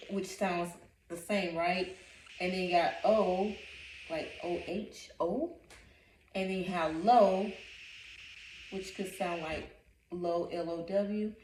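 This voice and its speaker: A woman reading coach leads a phonics lesson at an unhurried pace. She breaks each word into syllables and repeats it patiently. Her voice sounds distant and echoes around the room. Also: lowish voice, darkish tone, slight background noise.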